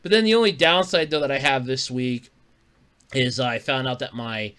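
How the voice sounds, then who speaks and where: A man chats loosely as host of his own podcast and drifts from one story to the next. His voice is bright and forward. He swears offhandedly and chuckles often. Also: medium pitch, normal speed, clear, resonant tone. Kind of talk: casual solo podcast chat.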